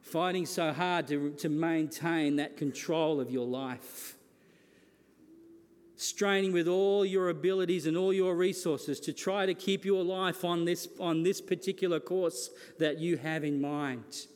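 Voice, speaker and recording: A man's voice: fairly high pitch, fairly even intonation, unhurried, a little mellow. A man preaching a sermon as a pastor, earnest and building his points through repeated phrases. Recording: long reverb of a large hall.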